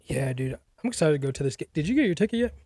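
A man's voice: fairly high pitch, sing-song, rapid-fire, dark tone, husky, no echo. A young man co-hosting a sports podcast in a laid-back, slangy chat. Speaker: podcast co-host.

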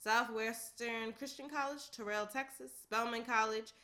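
Bright-voiced woman reading a list casually. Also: on the high side, steady tone, normal speed. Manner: reads steadily, laughs often, tosses in casual asides.

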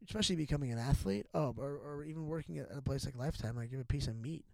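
A man's voice: mid-range voice, rapid-fire, vocal fry, dark tone, no room sound. A middle-aged man talking as a podcast guest in a candid, casual chat, rambling and profane, with many restarts and fillers.

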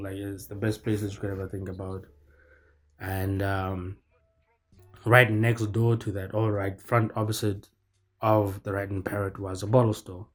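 A young man telling a story casually, rambling with lots of fillers and restarts. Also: lowish voice. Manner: rambling, filler-heavy, self-correcting.

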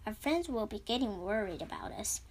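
A woman's voice: medium pitch, sing-song, normal speed. A woman voicing a brave young boy dragon trainer in a read-aloud storybook, polite and eager.

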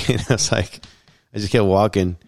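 A man's voice: fairly low pitch, fairly even intonation, normal speed, gravelly. A man hosting a casual podcast chat, talking bluntly and emphatically and swearing freely. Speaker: podcast host.

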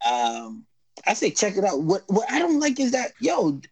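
Chill guy on a podcast, kinda high voice, rambling with lots of slang, dry close sound. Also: wildly swooping pitch, normal speed, slightly rough, dry recording, low-quality recording. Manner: rambling, laid-back, lots of restarts and slang. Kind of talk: casual chat recapping a TV show.

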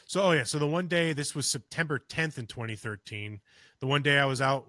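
A man casually telling a personal story, acting out his own quotes with sudden jumps in pitch. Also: lively intonation, brisk, pushed and bright, no echo. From Pennsylvania.

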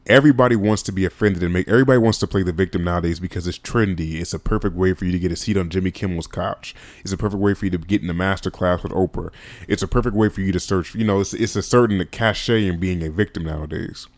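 A man with a very low voice talks through a solo podcast episode, loose and rambling, tacking "man" onto his sentences. The sound is dry and close, with little room around it. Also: dry recording. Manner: rambling, casual, emotional, says "man" often. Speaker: podcast host.

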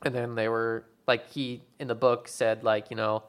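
A man's voice: mid-range voice, little pitch movement, normal speed, clean tone. A young man chatting casually about movies, rambling and filling his talk with "like" and "um". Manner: rambling, filler-heavy, lots of "like". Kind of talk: casual chat.

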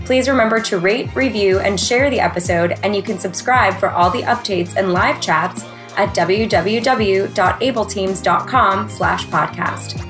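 A woman reading a scripted episode intro for a podcast in a smooth, even promo style. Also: medium pitch, normal speed, hardly any pauses, faint music behind. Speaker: podcast announcer.

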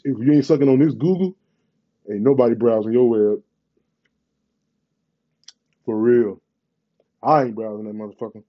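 Brief: Bay man, thirties, mid-pitched, loose profane slang-heavy vlog rant, muffled low-fi recording. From Bay Area, California. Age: 30s. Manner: profane, rambling, emphatic slang.

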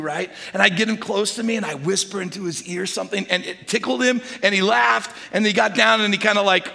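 An older man preaches with a high, bright voice that has a gravelly edge. He tells homely stories and sinks to a hush for quoted whispers. The sound rings in a large hall with a long reverb. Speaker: pastor. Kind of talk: sermon.

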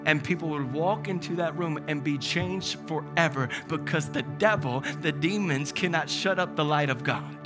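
A male pastor preaching a sermon, emphatic and animated, asking rhetorical questions. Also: on the high side, moderate pace, hardly any pauses, over music.

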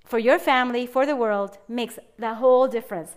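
A woman's voice: a little high, brisk. A woman hosting her own podcast, talking alone in an upbeat, motivational and emphatic way. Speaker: podcast host. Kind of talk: solo podcast monologue.

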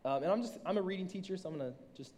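A man, a school reading teacher, giving a sermon to a room and reading scripture slowly and deliberately. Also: high voice, darkish tone. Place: room with an audience. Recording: long reverb from a large room.

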